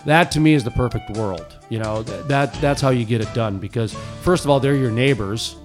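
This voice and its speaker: A man's voice: medium pitch, a little fast, faint music behind. A man hosting a morning talk radio show, chatting casually and giving his opinions with frequent restarts.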